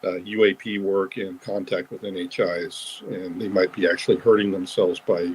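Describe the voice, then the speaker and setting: A man speaking as a guest in a live online audio room, talking in a hesitant way with many pauses and restarts. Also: low-pitched, little pitch movement, darkish tone, slight background noise, poor audio. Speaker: whistleblower guest. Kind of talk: casual talk in a live audio chat room.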